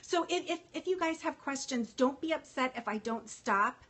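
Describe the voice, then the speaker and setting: A woman's voice: high-pitched, lively intonation, moderate pace, a bit bright. A woman chatting casually on a livestream as a fashion consultant, emotional and full of fillers, greeting viewers by name.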